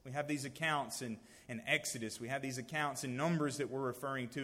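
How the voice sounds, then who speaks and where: A man giving a sermon, swinging from loud emphasis to hushed, near-whispered lines. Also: mid-range voice, steady tone, a little fast, hardly any pauses, in a large hall. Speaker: lay preacher.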